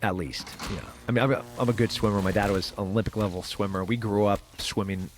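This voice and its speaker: Middle-aged man, lowish voice, halting storyteller, lots of fillers, faint background noise. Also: steady tone. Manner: halting, full of fillers and restarts. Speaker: guest. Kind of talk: casual interview storytelling.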